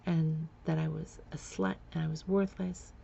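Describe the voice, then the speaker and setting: A woman recounts her own past in a candid, confessional way. Her voice sits low and carries a gravelly edge, and the recording sounds dull and lo-fi. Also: level tone, normal speed, mellow. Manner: frank, confessional, blunt. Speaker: memoir storyteller. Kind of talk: candid personal storytelling.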